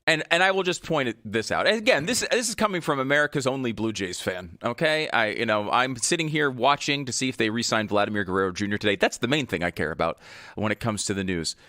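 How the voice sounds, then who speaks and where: A man's voice: medium pitch, lively intonation, fast talker, bright, forceful tone, no room sound, clean studio sound. A man co-hosting a talk radio show, making wry, sarcastic remarks and laughing often. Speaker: radio co-host. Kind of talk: casual talk radio banter.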